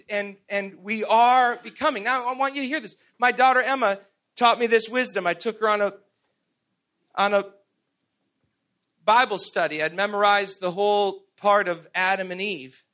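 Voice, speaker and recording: A man's voice: very high-pitched, bright, forceful tone. A middle-aged man preaching a sermon, telling stories with laughs and stumbling restarts. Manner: storytelling with self-deprecating laughs and repeated "and, and".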